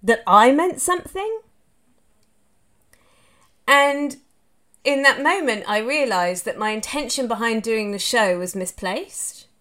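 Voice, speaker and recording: A woman's voice: fairly high pitch, lively intonation, slow, pauses often, a bit bright. A woman with an Australian accent hosting a podcast in a casual solo monologue, speaking candidly, swearing freely and rambling in long run-on sentences, recorded live on a phone. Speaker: podcast host. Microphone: phone, live on social media.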